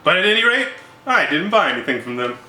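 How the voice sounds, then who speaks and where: A man's voice: high-pitched, big pitch swings, fast, pushed and bright. A man hosting a casual cooking vlog, laid-back and jokey, rambling as he cooks. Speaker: cooking show host. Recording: roomy sound with background music.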